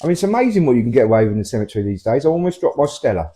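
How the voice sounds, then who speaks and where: A man in his fifties with a Portsmouth English accent, trading deadpan comic chat and stumbling self-deprecatingly over his words. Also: mid-range voice, very fast, reverberant. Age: 50s. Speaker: comedy double-act partner.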